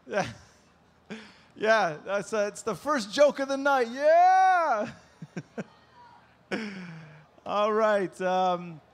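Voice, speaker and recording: A man's voice: very high voice, a bit bright. A male stand-up comedian opening his set with loose crowd work and stammered restarts on a stage microphone. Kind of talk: live stand-up opener.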